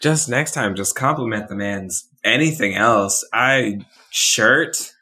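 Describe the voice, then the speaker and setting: A man's voice: lowish voice, slow pace, bright, forceful tone. A man co-hosting a podcast, chatting casually and teasing his co-host in an upbeat way. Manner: teasing, upbeat, laughing along. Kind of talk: casual chat.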